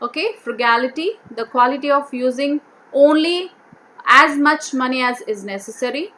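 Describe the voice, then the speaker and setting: A woman teacher going through a vocabulary worksheet, repeating each word and slowly sounding out its syllables. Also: high-pitched, pushed and bright, a little hiss or hum. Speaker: English teacher.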